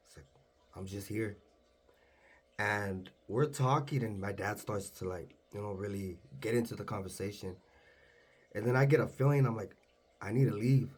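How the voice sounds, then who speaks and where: A young man recounts a strange dream in a hushed, low-key voice. His voice sits low and sounds husky, and he slips into quoted dialogue as he goes. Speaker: storyteller. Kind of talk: casual dream storytelling.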